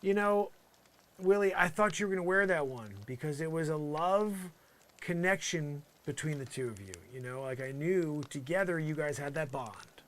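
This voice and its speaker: A man riffs through a rambling comic monologue in a somewhat high voice. He swings from loud sarcastic outbursts to low muttered asides. A faint hiss of noise sits under the recording. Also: normal speed. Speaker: comedian.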